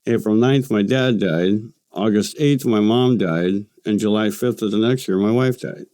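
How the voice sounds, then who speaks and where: A man in his late forties, a podcast guest, speaking in a halting, matter-of-fact, self-deprecating way. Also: fairly low pitch, mellow, dry recording. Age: late 40s. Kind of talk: casual podcast chat.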